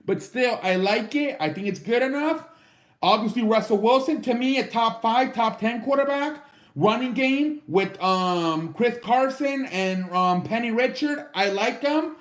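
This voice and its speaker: A man's voice: extremely high pitch, lively intonation, measured pace, reverberant. A man casually ranking football teams on his own show, loose and profane, with lots of fillers. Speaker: sports show host. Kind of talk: casual sports commentary.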